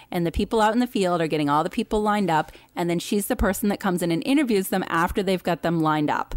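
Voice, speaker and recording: A woman co-hosting a casual podcast, giving emphatic, animated opinions. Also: medium pitch, no room sound. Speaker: podcast co-host.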